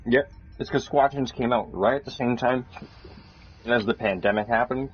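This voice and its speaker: A man's voice: mid-range voice, fairly even intonation, normal speed, slightly rough. A man chatting casually while he plays a game, rambling loosely and swearing freely. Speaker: gamer streaming a match. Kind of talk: casual chat while gaming. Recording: dull lo-fi recording with faint music.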